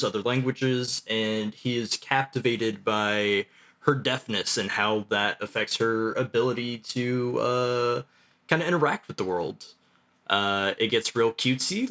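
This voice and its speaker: A man hosting a casual podcast, talking loosely with many uhs as he introduces the topic. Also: mid-range voice. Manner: relaxed, filler-heavy delivery with many uhs. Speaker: podcast host. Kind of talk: casual chat, introducing the show.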